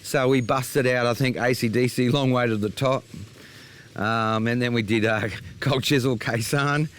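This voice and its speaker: A man's voice: mid-range voice, steady tone, moderate pace, a bit bright, smooth. An Australian man, a show host, casually recounting a trip to camera in a rambling storytelling way.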